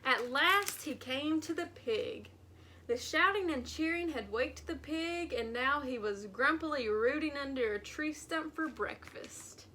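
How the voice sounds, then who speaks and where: A woman librarian reading a picture book aloud to children at storytime, with slow, expressive narration. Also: high-pitched, a little hiss or hum.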